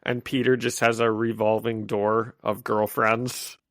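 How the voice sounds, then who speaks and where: A man co-hosting a casual comic book podcast, who laughs often and reacts quickly. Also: on the low side, level tone, a bit bright, no echo. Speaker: podcast co-host.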